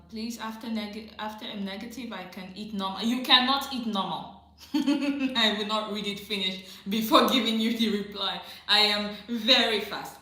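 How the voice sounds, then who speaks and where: In a very echoey room, a woman hosts a casual livestream through a phone or computer mic, reading viewer questions and answering them head-on. Her voice is mid-range and fairly bright, and she laughs often while repeating her advice for emphasis.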